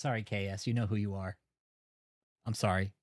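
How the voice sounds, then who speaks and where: A man's voice: fairly low pitch, fairly even intonation, a little fast. A man hosting a livestream, reacting to court papers in an angry, profane rant. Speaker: channel host.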